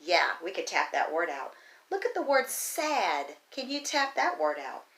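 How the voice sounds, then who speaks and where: Slow encouraging kindergarten teacher, roomy echo. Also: female voice, on the low side, big pitch swings, a bit bright. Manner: slow, encouraging, sounds out words letter by letter. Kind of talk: virtual phonics lesson.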